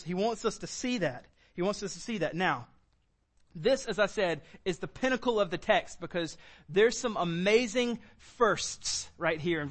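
High-voiced man preaching a sermon. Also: a bit bright. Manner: conversational preaching with casual asides; reads scripture aloud. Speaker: pastor.

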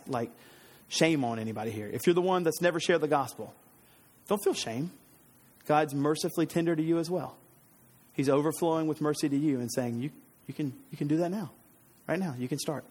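A man preaching an earnest, conversational sermon, slightly hoarse, often restarting his sentences. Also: on the high side, in a large hall. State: slightly hoarse, throat trouble.

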